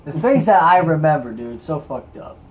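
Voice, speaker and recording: A man's voice: on the high side, very animated, normal speed, a little mellow. Joking man in a put-on drawl. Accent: put-on Southern drawl. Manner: crude joking, storytelling. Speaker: co-host. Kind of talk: casual chat.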